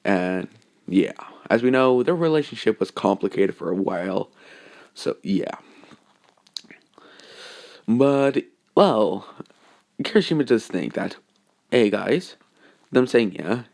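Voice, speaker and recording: A man's voice: fairly low pitch, expressive, slow, creaky, pauses often, darkish tone. A young man narrating a fan story off the cuff, rambling with many fillers and self-corrections.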